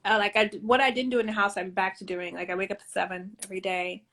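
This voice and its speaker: Gravelly-voiced woman chatting loosely. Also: mid-range voice, fast talker. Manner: relaxed, rambling, lots of fillers like "like" and "um". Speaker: guest on a live stream. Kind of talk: casual chat on a live video call. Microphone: phone on a live video call.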